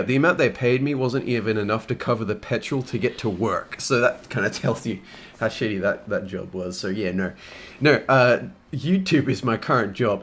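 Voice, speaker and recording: A man's voice: on the low side, fairly bright tone, a little hiss or hum. A young man, casually answering fan questions and telling crude stories, swearing often and laughing as he goes. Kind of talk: casual Q&A storytelling.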